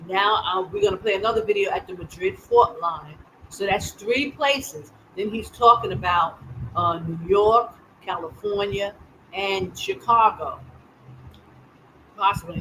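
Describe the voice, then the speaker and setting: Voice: mid-range voice, fairly bright tone, slight background noise, rough recording. A live-stream host giving news commentary, urging listeners with urgent, repetitive pleas.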